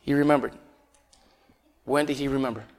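A man's voice: medium pitch, steady tone, normal speed, a little mellow. A man from Puerto Rico preaching a conversational sermon as pastor, chatty and full of rhetorical questions. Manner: chatty, asks the congregation rhetorical questions, chuckles often.

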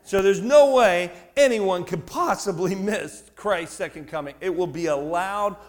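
Before his congregation in church, a middle-aged male pastor tells a story in his sermon at a measured pace. His voice is high, and he poses questions to the listeners and shouts to stress his points.

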